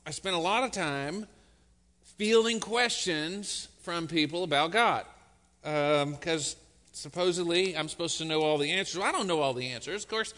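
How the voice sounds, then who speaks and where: A pastor delivers a relaxed, joking sermon in a church sanctuary. His voice is fairly high and ringing bright, and the sound carries a long reverb through the hall. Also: moderate pace. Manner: conversational, joking.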